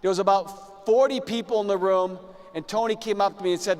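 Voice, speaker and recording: A man's voice: high voice, fairly even intonation, a little fast, a little mellow. A man giving a motivational business talk to a room, telling a personal story and repeating words as he goes. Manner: storytelling, repeats words, acts out his own past lines. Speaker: business speaker. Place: large room with live audience. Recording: long hall reverb.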